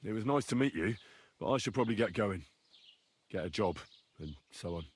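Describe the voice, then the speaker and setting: A rough-edged young hero from a video game talks in a low, husky voice with a plain, unpolished delivery. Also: male voice, animated, a little fast.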